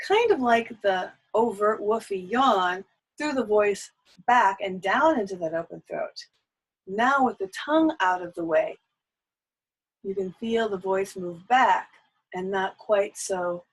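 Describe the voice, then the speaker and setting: A woman's voice: mid-range voice, breathy edge, low-quality recording. A woman teaching a singing lesson, coaching patiently and leading sung vocal exercises.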